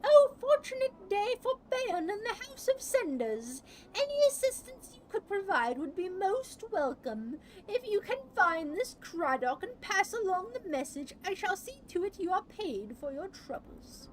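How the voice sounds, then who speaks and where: Woman doing a high-voiced courtly messenger man. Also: lively intonation, a little fast, pushed and bright, rough recording. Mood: overjoyed. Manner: courtly, overly apologetic. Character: formal, hopeful male messenger, high voice.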